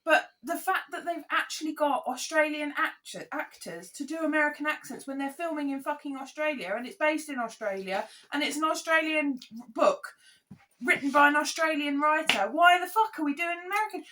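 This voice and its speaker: A woman co-hosting a podcast in casual chat, animated and exasperated as she rants. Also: high voice, brisk. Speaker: podcast co-host.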